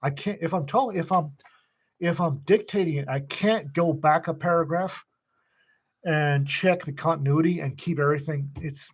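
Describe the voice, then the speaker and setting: Man with a somewhat high voice, rambling. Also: moderate pace. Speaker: podcast co-host. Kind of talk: casual chat.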